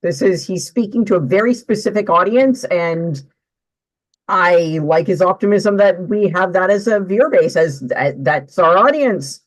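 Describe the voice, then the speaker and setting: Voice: mid-range voice, normal speed, low-quality recording. A co-presenter in casual chat, teasing in a wry way.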